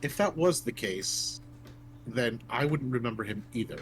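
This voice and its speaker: Calm, explaining man in role-play. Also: mid-range voice, moderate pace, slight background noise, rough recording. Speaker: player. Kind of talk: in-character tabletop role-play.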